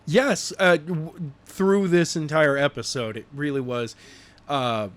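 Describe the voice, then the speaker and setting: A man's voice: a little high, steady tone, slow. A man co-hosting a casual wrestling podcast, goofy and playful, with joking bursts. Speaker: podcast co-host.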